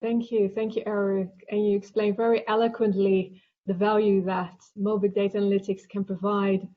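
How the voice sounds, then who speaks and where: A woman moderating an online panel, asking measured questions over a video call. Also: medium pitch, flat delivery, narrow, tinny audio, a little hiss or hum.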